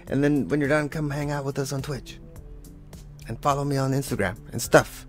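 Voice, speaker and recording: A man's voice: medium pitch, steady tone, normal speed, faint music behind. A man leading a casual draw-along lesson, talking as he draws, playful and rambling with self-mocking asides. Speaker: drawing instructor.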